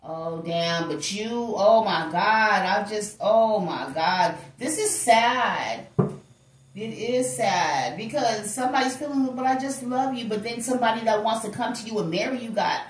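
A woman's voice: mid-range voice, measured pace. A woman giving a casual tarot reading, talking straight to her viewers in an emphatic, chatty way. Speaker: tarot reader. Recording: roomy echo, distant from the mic.

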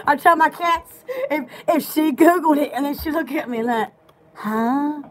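A woman in casual, rambling chat, excitable and giggly, often restarting her sentences. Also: high-pitched, takes it slowly. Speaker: store vlogger.

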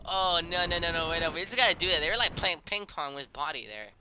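A gameplay commentator, giggly and excitable, breaking into high yelps. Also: moderate pace, slight background noise.

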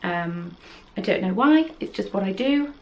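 Chatty woman with a gravelly edge. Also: medium pitch, expressive, a little slow, highs cut off. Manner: chatty, rambling, self-deprecating. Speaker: podcast host. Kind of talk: casual chat. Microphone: camera.

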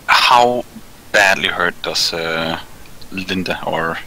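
A man's voice: low-pitched, slow, pushed and bright, low-quality recording. A man playing a tabletop game, hesitant and asking about the rules. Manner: hesitant, asks rules questions. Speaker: player. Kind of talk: casual tabletop play.

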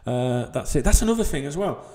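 A man's voice: mid-range voice, very animated, fairly quick, a little mellow. A man, a football channel host ranting to camera in a small room with white walls. He talks in a heated, sweary, rambling way and keeps asking "you know what I mean". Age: 40s.

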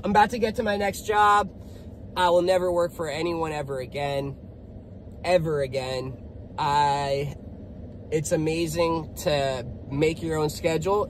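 A man's voice: on the high side, slight background noise, poor audio. A man who is a generator technician and small business owner, talking in a blunt, profane, upbeat vlog between jobs. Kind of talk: casual motivational vlog.

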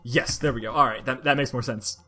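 A woman giving casual commentary over a platformer, talking to herself in frustration and bursting into loud complaints. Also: a bass voice, steady tone, fairly quick, faint music behind. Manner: exasperated, frustrated self-talk that bursts into loud outbursts. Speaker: let's play gamer.

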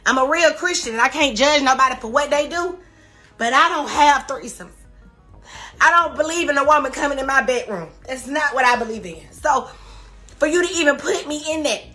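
A woman pours out an emotional livestream rant while crying, her high voice bright and edged. She repeats emphatic, defensive denials again and again. Faint music plays behind her. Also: moderate pace. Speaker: social media personality on a live stream.

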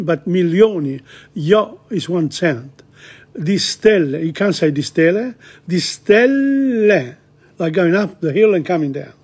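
A man, explaining song lyrics in a language lesson, slow and halting, often repeating words. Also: a little high, a little mellow, breathy edge. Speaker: language teacher.

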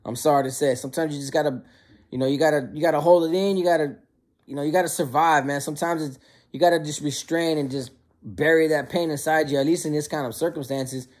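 A man who served time, casually telling prison stories in a slangy, animated way. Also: a little high, fast. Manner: slangy and conversational, often calls listeners bro; animated, acts out quoted lines. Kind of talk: casual storytelling to camera.

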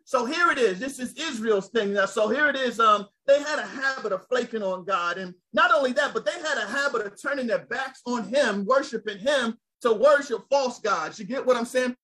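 A man preaching a sermon, lively and conversational, calling out to his listeners. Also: very high voice, moderate pace, hardly any pauses, poor audio. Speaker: pastor.

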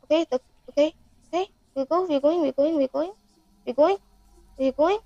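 A woman with a high voice commentates her own horror game run. She talks to her viewers in a panicky rush and swears constantly. It sounds like a desk mic while gaming. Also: normal speed, dark tone, dry recording, muffled recording. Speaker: gaming channel host.

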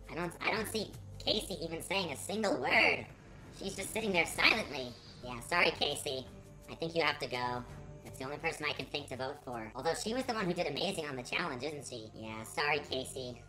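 Woman doing let's play commentary, big dramatic mock-outrage, fairly low voice but bright and sharp. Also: expressive, a little fast, faint music behind, rough recording. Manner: theatrical, melodramatic mock outrage. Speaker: gaming channel host.

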